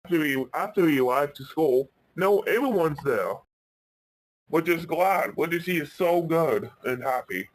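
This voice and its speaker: A man's voice: fairly high pitch, expressive, a little slow, no echo. Rambling man telling a story. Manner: rambling, frequent restarts. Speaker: YouTube storyteller. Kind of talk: casual improvised storytelling.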